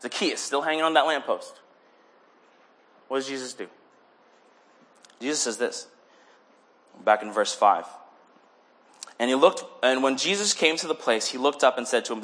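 A young man giving a casual sermon, animated, often acting out little voices for the people he talks about. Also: medium pitch, moderate pace, pauses often. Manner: animated, acts out voices in quotes. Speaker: preacher.

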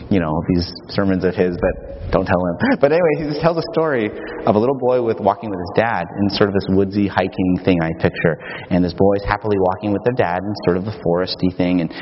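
A male pastor preaches with animated, emphatic energy, painting vivid scenes. His voice sits fairly low. It rings out in a long, reverberant hall, slightly muffled, with a faint hiss. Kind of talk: sermon.

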